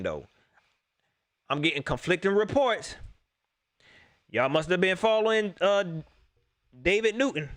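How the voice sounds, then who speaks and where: A man hosting a casual sports talk stream, animated and joking, repeating his lines for effect. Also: high-pitched.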